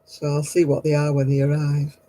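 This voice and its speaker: A woman's voice: low voice, monotone, a little fast, dark tone, low-quality recording. A woman hosting a livestream craft night, who chats casually, tells stories and laughs at herself often. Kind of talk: casual chat.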